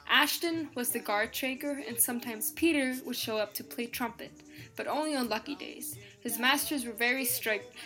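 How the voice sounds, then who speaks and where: A woman narrating a scripted podcast in an even, explanatory tone, reading from a script and counting out beats aloud. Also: fairly high pitch.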